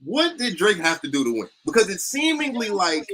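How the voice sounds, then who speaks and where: A man's voice: high voice, very animated, normal speed, bright, forceful tone. A man co-hosting a podcast, arguing casually with slangy, argumentative talk. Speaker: podcast co-host. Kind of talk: casual debate.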